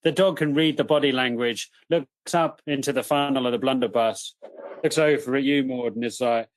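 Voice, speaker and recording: A man's voice: medium pitch, moderate pace, no room sound. Man narrating as game master. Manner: vivid, joking narration. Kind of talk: improvised tabletop game narration.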